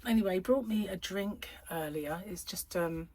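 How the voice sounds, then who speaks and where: A middle-aged woman chats away from her home. Her voice sits fairly low and has a husky, slightly breathy grain. She rambles through asides and laughs easily. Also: moderate pace, a little mellow. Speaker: crochet channel host. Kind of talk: casual chat to camera. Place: at home, indoors.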